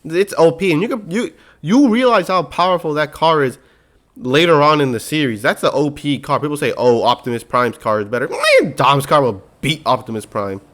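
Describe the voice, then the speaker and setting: A young man casually recapping a movie in slangy, animated storytelling, acting out characters' lines as he goes. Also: on the high side, moderate pace.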